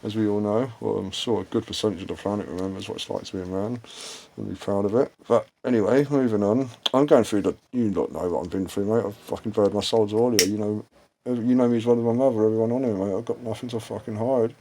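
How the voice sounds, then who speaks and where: A man's voice: on the low side, fairly even intonation, fast talker, mellow. A man in his forties ranting on his own channel in a blunt, profane, meandering way. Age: 40s. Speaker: channel host. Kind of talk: casual rambling rant.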